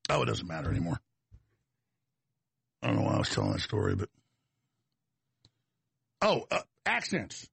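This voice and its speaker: Gravelly Texas man on a rant. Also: sits low, huge pitch swings, normal speed, pauses often, no room sound. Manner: digressive, combative, folksy. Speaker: talk show host. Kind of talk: rambling radio monologue.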